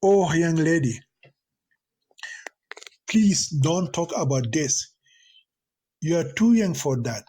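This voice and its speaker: A man's voice: on the high side, animated, slow, long pauses, dark tone, slightly rough, exaggerated voice. A man voicing a lustful male sorcerer who coaxes and wheedles. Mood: coaxing. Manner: coaxing, wheedling.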